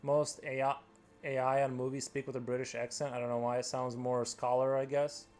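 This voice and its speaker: A man's voice: mid-range voice, level tone, a little fast, darkish tone, faint music behind. A man chatting casually on a live stream, rambling and using "like" a lot. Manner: rambling, heavy filler "like".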